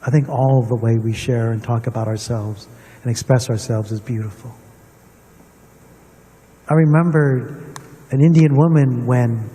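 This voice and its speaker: An earnest man with a medium-pitched, dark voice gives a reflective public talk at a symposium, telling personal stories and addressing the room. He speaks in a large hall with long reverb, captured by a distant mic.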